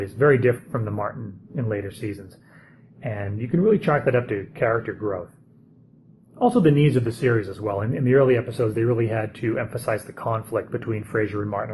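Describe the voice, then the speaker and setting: Man in his own relaxed voice, easygoing episode reviewer, thinks aloud, faint background noise. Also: fairly low pitch, rough recording. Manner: chatty, thinking aloud with fillers. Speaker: TV show reviewer. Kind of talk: casual spoken commentary.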